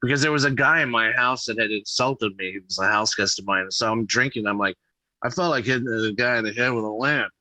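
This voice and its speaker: A man's voice: mid-range voice, brisk, pushed and bright, no echo, rough recording. A man chatting as a guest comedian, rambling and interrupting himself as he tells stories. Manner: rambling, self-interrupting storyteller. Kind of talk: casual storytelling chat.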